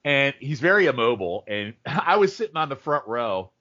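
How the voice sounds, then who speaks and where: A man co-hosting a podcast, telling stories in animated, rambling casual chat and jumping into goofy impressions. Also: mid-range voice, normal speed. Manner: animated storyteller, mimics people in funny voices. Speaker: podcast co-host. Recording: dull lo-fi audio.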